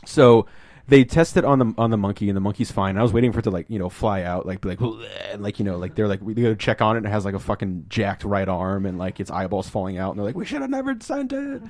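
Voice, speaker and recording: A man hosting a casual podcast, talking about a film, rambling and swearing and acting out scenes in quick put-on voices. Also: on the low side, steady tone, darkish tone, no room sound. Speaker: podcast host.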